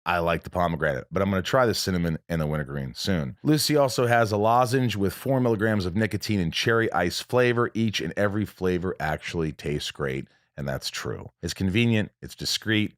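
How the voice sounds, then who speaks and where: Male podcast host, lively pitch, dry close sound, bursts into impressions. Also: brisk, few pauses, no room sound. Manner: animated, jumps into loud impressions of movie lines. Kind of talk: casual chat.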